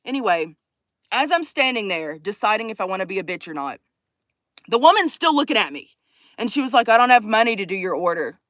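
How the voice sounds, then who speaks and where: A woman telling a profane, animated story to her vlog audience, acting out the people in it. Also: medium pitch, a little fast, no echo. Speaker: vlogger. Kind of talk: casual storytime chat.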